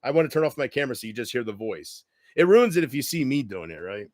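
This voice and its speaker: Rambling livestreamer man, lively pitch. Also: quick pace, no echo, clean studio sound. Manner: rambling, self-deprecating, talks to chat directly. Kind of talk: casual livestream chat. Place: home room. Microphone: computer mic with headphones.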